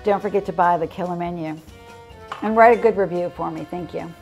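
A woman's voice: fairly low pitch, a little fast, over music. A woman hosting a casual cooking demonstration, chatty and playful with upbeat asides. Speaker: cooking show host.

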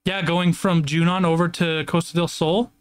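A high-voiced young man chats excitedly while reacting to a game trailer. He swears freely and laughs often. Faint music plays underneath. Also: moderate pace. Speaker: reaction video host. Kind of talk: excited casual reaction chat.

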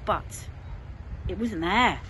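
A woman with an English accent, a primary school teacher, reading a picture book aloud to children in an expressive, sing-song way. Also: mid-range voice, slow. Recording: noisy home recording.

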